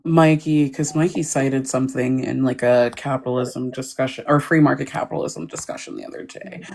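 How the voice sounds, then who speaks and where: A woman with a low voice talks bluntly in a casual panel chat. She uses plenty of slang and laughs often as she goes. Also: fairly even intonation, fairly quick, creaky, darkish tone.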